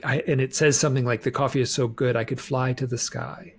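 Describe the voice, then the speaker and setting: A man's voice: mid-range voice, little pitch movement, fast talker, noisy background. A man talking as a guest author in a casual interview, rambling with many restarts and repeated words.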